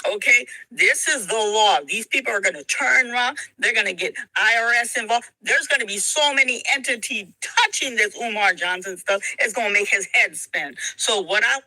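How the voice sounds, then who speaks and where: A woman with a piercingly bright voice presses her point emotionally, repeating and tripping over her words. She, and the sound is dry and close-miked. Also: fairly high pitch, normal speed, hardly any pauses, no echo, rough recording. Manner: emphatic, repetitive, stumbling. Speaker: interview guest in played clip. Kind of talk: heated personal statement.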